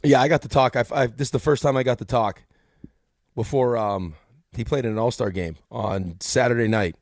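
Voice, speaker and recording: A man's voice: medium pitch, normal speed, a little mellow, no echo, clean studio sound. A middle-aged man co-hosting a sports radio show, telling stories and laughing between lines. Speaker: co-host. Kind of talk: casual sports radio chat.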